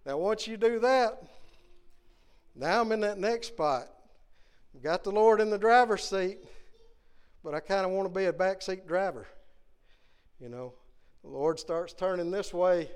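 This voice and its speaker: High-voiced man preaching a sermon. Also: lively intonation, unhurried, pauses often, clear, resonant tone. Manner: earnest, asks the congregation many questions. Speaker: guest preacher. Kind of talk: Sunday morning sermon. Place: church sanctuary.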